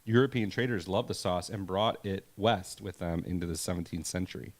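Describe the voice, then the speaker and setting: A man with a low voice co-hosts a casual podcast. He rambles, reads facts aloud and breaks into laughs. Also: fairly quick. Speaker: podcast co-host. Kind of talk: casual chat.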